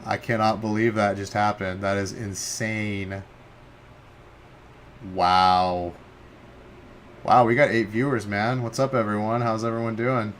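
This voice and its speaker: A young man streaming casual game commentary from home, talking loosely with lots of fillers, easily excited and swearing. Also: on the low side, a little slow, pauses often, slight background noise. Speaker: stream host.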